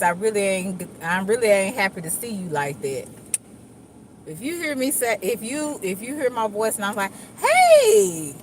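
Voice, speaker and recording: Woman vlogger, animated pitch, casual car chat over faint road hum. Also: rough recording. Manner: chatty, animated, acts out other people's voices. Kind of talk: casual chat while driving. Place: inside a moving car.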